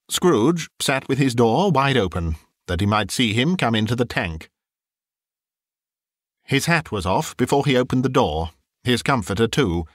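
A man reads a classic tale aloud in an expressive storytelling way. His pitch is lively and varied. The recording is dry and close, with no room sound. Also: dry recording. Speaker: narrator. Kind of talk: audiobook reading.

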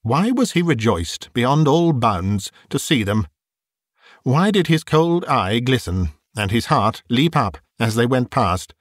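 A male narrator reads a classic novel at a slow, unhurried pace. His pitch rises and falls with lively expression as he shapes each sentence. The recording is dry and close, with no room sound. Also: no room sound. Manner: expressive, measured storytelling. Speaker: audiobook narrator.

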